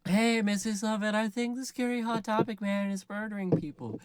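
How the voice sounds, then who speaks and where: A naive young boy talks in a high, nervous voice, as a man puts him on. The delivery is a jokey parody. The recording is dry. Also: fairly quick, clean tone, no echo, natural voice. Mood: frightened.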